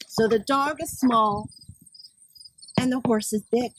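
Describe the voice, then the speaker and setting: A woman reading a picture book aloud to children outdoors at a farm, pausing to chat with the kids. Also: fairly high pitch, low-quality recording. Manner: slow, gentle, talks to the kids between pages. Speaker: children's storytime reader. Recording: camera set back, faint outdoor noise with insects.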